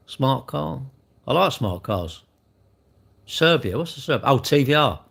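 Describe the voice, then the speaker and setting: A chatty, blunt man hosting a live stream, chatting casually with viewers. His voice sits at an ordinary middle pitch. He rambles, restarts his sentences and leans on tag questions. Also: animated, measured pace, gravelly, long pauses, a bit bright, slightly rough. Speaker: livestream host.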